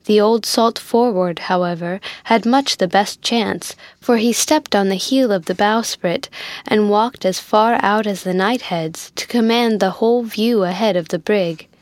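A woman narrating a classic sea novel in a measured, even audiobook reading. Her voice sits in a middle pitch, and the recording is dry and close. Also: no room sound.

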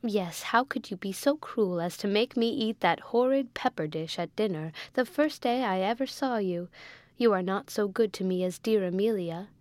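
A woman's voice: mid-range voice, moderate pace, darkish tone, no room sound, natural voice. A sweet, artful young woman with a humble, coaxing way of speaking, as a woman reads her. The recording is dry and close. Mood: sweetly coaxing.

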